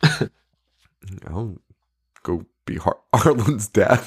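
A man's voice: on the low side, lively intonation, very slow, breathy edge. Laughing, profane young man. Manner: profane, laughing, acts out movie lines. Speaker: podcast co-host. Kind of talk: casual horror movie chat.

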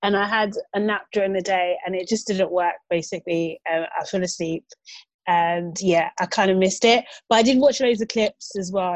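Woman, relaxed, reflective, hedging, dry close mic. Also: mid-range voice, no room sound. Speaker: podcast co-host. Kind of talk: casual chat.

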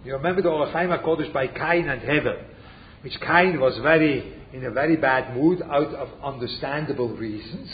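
A man's voice: mid-range voice, normal speed. A man giving an informal religious lesson, full of rhetorical questions and Hebrew and Yiddish terms, who keeps checking in with his listeners. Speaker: Torah teacher. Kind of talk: informal lecture on a religious text. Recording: dull lo-fi recording with faint noise.

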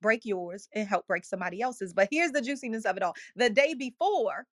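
A woman's voice: mid-range voice, animated, a little fast, no room sound, clean studio sound. A woman hosting an online audio room, telling a personal story in a passionate, emotional, earnest way. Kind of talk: passionate motivational talk.

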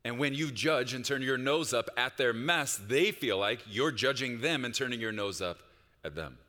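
A pastor delivering a sermon, moving between quiet reflective passages and loud, urgent appeals. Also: male voice, mid-range voice, normal speed, long reverb tail. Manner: swings from hushed reflection to loud, rising exhortation.

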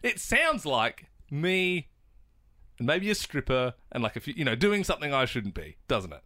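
A man's voice: mid-range voice, fast talker, no room sound, studio quality. A young man telling a story on a podcast, acting out what people said and laughing often. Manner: animated, acts out quotes, laughs often. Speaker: podcast co-host. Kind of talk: casual storytelling chat.

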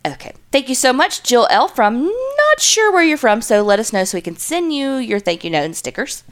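A woman's voice: high voice, normal speed. Woman cohosting a podcast, chatty, voice jumps all over. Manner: chatty, animated, lots of "like". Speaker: podcast co-host. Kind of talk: casual chat.

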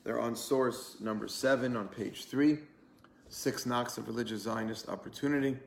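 A man's voice: mid-range voice, fairly even intonation, moderate pace, creaky, roomy sound. A man, a rabbi, giving a conversational online Torah class, telling a story with earnest energy and many fillers. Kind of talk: online lunch-and-learn class.

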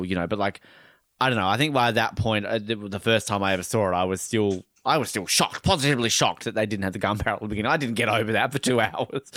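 A man's voice: lowish voice, fast, no room sound, studio quality. A man with an Australian accent co-hosting a podcast in casual chat, talking expressively. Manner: expressive, jumps into excited outbursts. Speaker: podcast co-host.

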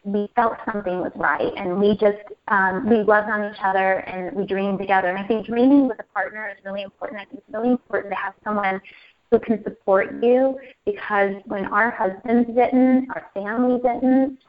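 A woman telling her personal story in an interview, animated and emotional, repeating phrases as she goes. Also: mid-range voice, moderate pace. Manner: animated, repeats herself, laughs and tears up. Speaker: interview guest. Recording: muffled lo-fi audio.

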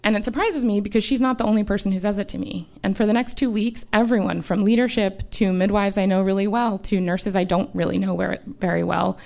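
Woman telling a story, gravelly edge. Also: medium pitch, fairly even intonation, brisk, few pauses, darkish tone. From United States. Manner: earnest and conversational, with many "um" and "like" fillers. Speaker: doctor telling a personal story on stage. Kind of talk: live first-person storytelling. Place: small live-show stage before an audience.

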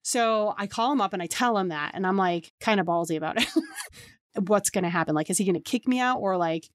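A podcast host in her thirties from the New York area tells personal stories casually, speaking briskly in a mid-range voice. She's chatty and acts out quoted dialogue with lots of "like". The recording is studio quality with no room sound.

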